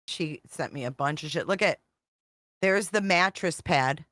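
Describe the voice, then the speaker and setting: A woman's voice: low-pitched, measured pace, a bit bright, dry recording, studio quality. A woman hosting a casual livestream, reading text messages aloud in a profane, exasperated, rambling way. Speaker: true-crime commentary host.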